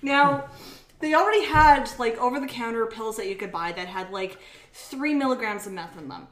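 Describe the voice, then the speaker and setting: A woman chatting casually with friends, animated and quick to laugh, swearing freely. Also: fairly high pitch, echoey room. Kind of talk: casual podcast chat.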